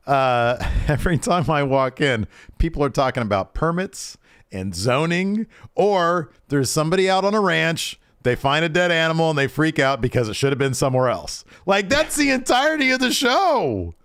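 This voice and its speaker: A man's voice: fairly high pitch, expressive, normal speed, fairly bright tone, smooth, no room sound, clean studio sound. A man co-hosting a podcast, recapping wrestling in casual chat with joking, exasperated asides. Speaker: podcast co-host.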